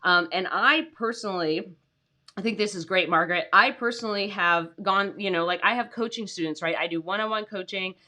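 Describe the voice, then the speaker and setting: Bright-voiced chatty woman streaming from home. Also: medium pitch, fairly quick. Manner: chatty, many fillers, greets viewers by name. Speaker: freelance writing coach hosting a livestream. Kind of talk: casual livestream chat. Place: home, with her dogs nearby.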